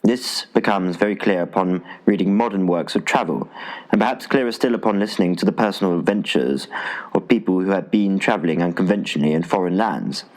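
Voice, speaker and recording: A man reading a travel essay aloud as an audiobook narrator, in an expressive style with dry humor. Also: deep voice, brisk, rough recording. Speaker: audiobook reader. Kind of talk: scripted narration.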